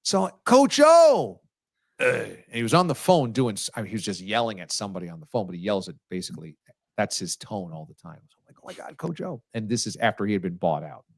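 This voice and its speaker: A male sports radio host telling stories casually, animated and teasing, with sudden jumps in his voice. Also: on the low side, fast talker, no room sound, clean studio sound. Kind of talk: casual storytelling on a sports talk show.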